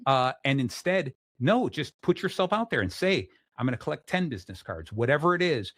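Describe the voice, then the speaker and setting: A middle-aged man hosting a casual interview show, energetic and full of restarts, acting out the people he quotes. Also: mid-range voice, a little fast, no room sound, clean studio sound. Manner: restarts often. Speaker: podcast host.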